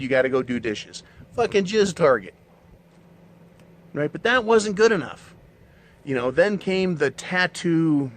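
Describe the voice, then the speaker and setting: A middle-aged man talking in a casual monologue, blunt and profane, ranting with mocking asides. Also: fairly high pitch. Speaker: channel host.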